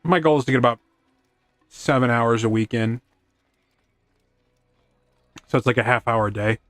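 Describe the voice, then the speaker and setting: Male streamer, casual gameplay chatter, jokes at his own expense, middle pitch, dry close sound. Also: moderate pace, fairly bright tone, no echo. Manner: rambling, self-deprecating quips, chats to his horse. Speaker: gaming streamer.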